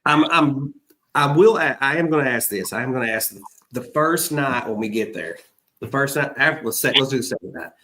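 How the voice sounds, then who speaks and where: Male podcast host, Southern US accent, mid-pitched, rambly and jokey, laughs a lot. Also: animated, a little fast, pushed and bright, a little hiss or hum. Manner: rambling, joking, laughs often. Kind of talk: casual chat.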